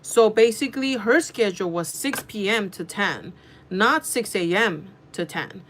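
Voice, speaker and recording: A woman telling a casual storytime vlog, chatty and animated, swearing freely and talking in quick bursts. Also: medium pitch, a little hiss or hum. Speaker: vlogger.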